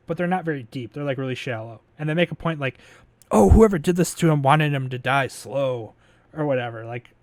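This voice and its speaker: Swearing, laughing and rambling through plenty of fillers, a podcast host gives a casual rundown of a movie's plot. His voice is a little high with a darkish tone, and the recording has no echo.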